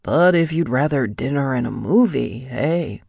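A woman's voice: very deep voice, animated, unhurried, creaky, darkish tone, breathy edge, dry recording, clean studio sound, heavily acted. A woman voicing a cocky, domineering young man who mocks and swears bluntly. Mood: teasing. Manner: mocking, blunt, swears casually. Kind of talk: audiobook dialogue reading.

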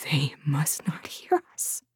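A woman's voice: medium pitch, takes it slowly, dark tone, husky, dry recording, studio quality. A woman voicing a desperate young mother who shields her child, defiant and pleading.

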